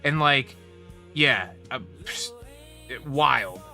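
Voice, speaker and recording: A man's voice: medium pitch, big pitch swings, extremely slow, bright, forceful tone, soft background music. Fired-up, swearing young man ranting. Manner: profane, heated and rambling. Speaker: livestream host. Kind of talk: casual livestream rant.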